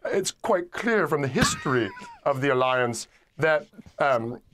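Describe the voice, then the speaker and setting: A man giving a measured interview answer, drawing out his words in an affected way with loose, relaxed lips. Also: mid-range voice, slight background noise. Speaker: academic guest in archived clip.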